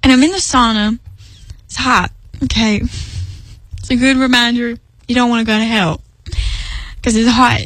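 A woman's voice: fairly high pitch, fairly even intonation, moderate pace, pauses often, a bit bright, no echo, low-quality recording. A young woman speaking earnestly about faith in a personal devotional talk, emphatic and rambling with restarts. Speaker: Christian speaker.

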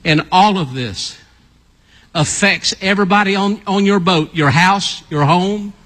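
A man preaching an animated sermon, acting out a story with volunteers and calling out to the congregation. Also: unhurried, big-room sound. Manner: animated, calls out to the audience, builds to excited high shouts.

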